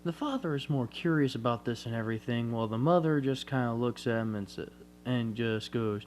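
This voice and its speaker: A man's voice: medium pitch, expressive, normal speed, a little mellow, a little hiss or hum. A man telling an improvised fan story in a rambling, conversational way that keeps correcting itself.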